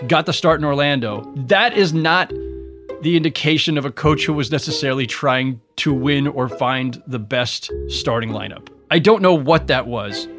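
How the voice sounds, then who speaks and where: A sports journalist being interviewed, telling stories in an animated, emphatic way. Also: male voice, a little high. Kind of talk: interview recollection.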